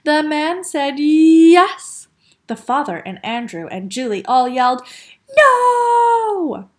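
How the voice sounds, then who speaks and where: A woman teacher reading a storybook aloud to young children, expressive, with asides to the class. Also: high voice, moderate pace.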